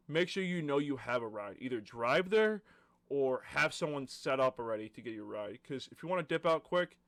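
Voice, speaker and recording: A man's voice: mid-range voice, no echo. A young man telling a casual storytime vlog in a rambling way, with lots of filler words and laid-back slang. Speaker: vlogger.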